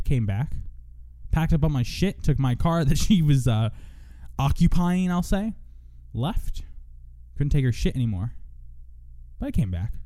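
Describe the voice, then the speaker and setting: A young man talks through a solo podcast monologue, swearing freely and rambling as he cuts himself off and restarts. His voice is fairly high for a man and swings widely in pitch. The tone is dark and mellow. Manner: profane, rambling, self-interrupting. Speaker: podcast host.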